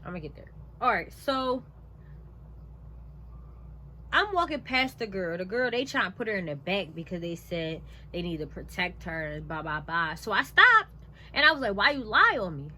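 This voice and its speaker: Animated young woman telling a story. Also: fairly low pitch, brisk, few pauses, a little hiss or hum. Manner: animated, emphatic, conversational; frequent "like" and "blah, blah, blah". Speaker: vlogger. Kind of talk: casual storytime.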